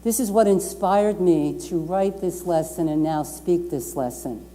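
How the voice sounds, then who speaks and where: A woman minister delivers a Sunday sermon in a mellow, warm voice, pressing her key phrases again and again. She draws the congregation in to repeat lines with her. Her words ring out with a long reverb in a lounge room. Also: lowish voice, unhurried. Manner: emphatic, repeats key phrases, invites the congregation to speak along. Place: community lounge at a YMCA.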